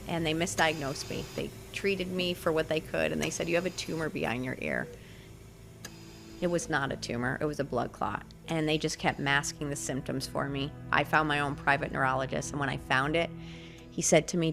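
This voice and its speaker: Woman on a podcast telling her own story, low-ish voice, animated, does the voices of people she quotes. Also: moderate pace, vocal fry, soft background music. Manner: animated, acts out quoted dialogue. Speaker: podcast guest. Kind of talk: personal storytelling in an interview.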